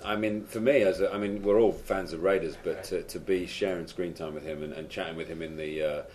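A man who is a guest actor, chatting on a podcast in a halting, stumbling way that turns eager. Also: low voice, steady tone, a little mellow, slight background noise. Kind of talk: casual podcast conversation.

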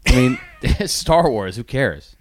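A man's voice: mid-range voice, expressive, slow pace, slight background noise. A man co-hosting a podcast, joking and riffing in casual banter. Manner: joking, riffing, laughs often. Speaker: podcast co-host.

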